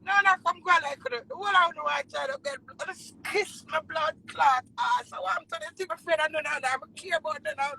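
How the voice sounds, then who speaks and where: A woman with a Jamaican accent in a heated rant, swearing loudly and swinging between shouting and low, tearful muttering. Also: animated, a little fast, gravelly, hardly any pauses, slight background noise, rough recording.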